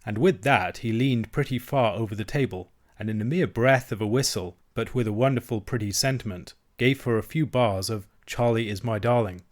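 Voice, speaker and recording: A man with a voice on the low side narrates a classic novel for an audiobook. His scripted reading is measured and even in its storytelling.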